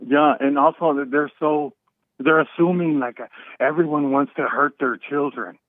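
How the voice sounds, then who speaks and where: A man's voice: fairly high pitch, steady tone, moderate pace, no room sound. A man from Houston, Texas, calling into a talk show, casual and annoyed, often asking "you know what I mean". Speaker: caller. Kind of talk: phone call-in chat. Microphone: phone. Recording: tinny phone line, dry.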